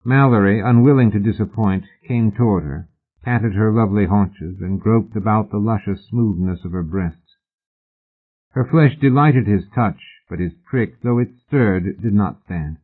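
A man narrating an audiobook in a measured, literary manner. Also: fairly low pitch. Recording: husky voice on a tinny phone-like line.

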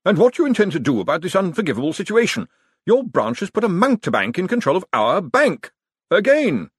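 A man voicing a haughty, spiteful aristocratic woman who snaps and scorns in shrill outbursts, in an audiobook. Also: huge pitch swings, moderate pace, breathy edge, no room sound, clean studio sound, exaggerated voice. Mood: scornful. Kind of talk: audiobook character voice.

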